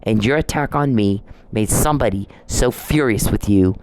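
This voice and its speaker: A man's voice: fairly low pitch, moderate pace, darkish tone, slight background noise. A man hosting a solo podcast, delivering an emphatic, repetitive and accusatory rant. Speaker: podcast host.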